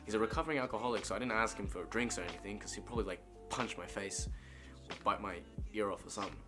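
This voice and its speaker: A man's voice: on the low side, fast talker. Casual man telling a story. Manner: casual, swearing, chatty with frequent "right?". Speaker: vlogger. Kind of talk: storytime monologue. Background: music.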